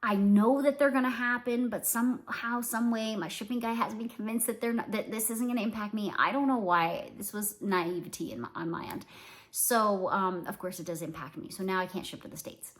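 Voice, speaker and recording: A woman's voice: mid-range voice, a little fast. Chatty Canadian woman in her forties vlogging. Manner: chatty, rambling, many fillers and "like"s. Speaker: small business owner and vlogger. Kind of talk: casual talk to camera.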